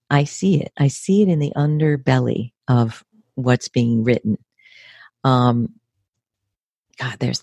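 A woman in her fifties with an American accent, speaking as an interview guest in a measured, emphatic way, often repeating words for stress. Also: deep voice, a little mellow, no room sound, clean studio sound. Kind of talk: earnest conversational interview.

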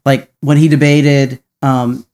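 A man's voice: medium pitch, little pitch movement, slow pace, a little mellow. A man hosting a podcast in casual chat, rambling with many restarts and frequent tag questions. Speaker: podcast host.

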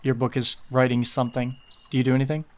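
A man runs a tabletop game as game master, narrating the scene in a relaxed, unhurried way. He pauses often on small fillers, and his voice sits in a middle range. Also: medium pitch.

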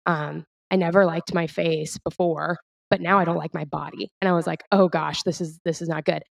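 A woman's voice: on the low side, steady tone, brisk, creaky, dry recording. A woman co-hosting a podcast, talking candidly and reflectively in a casual chat. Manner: reflective, candid, soft-spoken. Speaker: podcast co-host.

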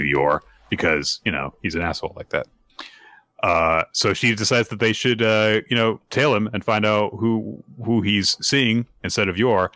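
A man co-hosting a casual podcast chat, recapping comic chapters and acting out the characters' lines in quick put-on voices. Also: low-pitched, sharp tone. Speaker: podcast co-host recapping manga.

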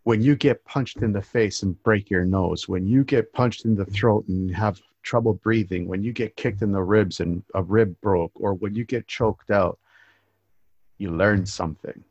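Deep-voiced man chatting casually. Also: unhurried, slightly rough, dry recording, dull audio. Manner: relaxed, rambling with restarts. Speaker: podcast host. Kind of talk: casual conversation.

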